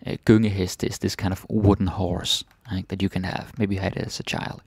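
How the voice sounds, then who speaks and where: A man's voice: low voice, level tone, a little fast, a little mellow, breathy edge, no echo. A man teaching a language by reading a fairytale aloud and translating it word by word, often adding little questioning tags.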